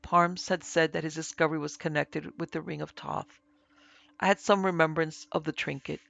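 A man with a heavily gravelly voice narrates a dark tale in a solemn, measured way. He speaks a little high and rather flat, in a dry, dull lo-fi recording. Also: no room sound. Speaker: narrator and producer. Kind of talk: dramatic audiobook narration of a classic story.

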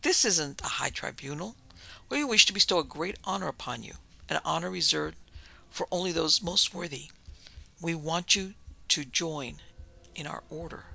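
A man reading as a suave, gravelly sinister doctor. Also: a little high, expressive, moderate pace, sharp tone, full character voice, poor audio. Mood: persuasive. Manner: suave and coolly persuasive. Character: smooth, domineering older male doctor leading a secret order.

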